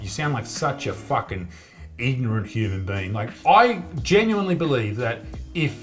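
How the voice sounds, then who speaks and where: A man's voice: medium pitch, sing-song, moderate pace, soft background music. A young Australian man doing comedic commentary, sarcastic and profane as he mocks what he reads. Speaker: comedian reviewing social media posts.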